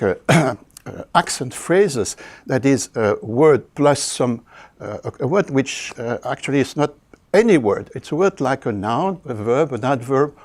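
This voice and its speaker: An older man with a French accent delivers a university lecture on speech. His voice sits at an ordinary middle pitch. He talks haltingly, with many fillers and frequent throat clearing. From France. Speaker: linguistics professor.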